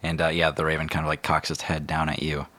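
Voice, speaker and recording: A man's voice: a bass voice, completely flat delivery, fast, bright, forceful tone. A man narrating a tabletop game as game master, rambling with lots of fillers.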